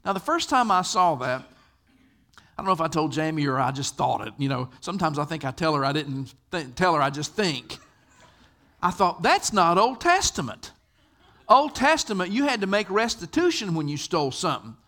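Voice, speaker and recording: This older man's sermon is full of conversational stories and questions for the listeners. As a pastor, he speaks at a moderate pace in a fairly high, bright, forceful voice with lively intonation.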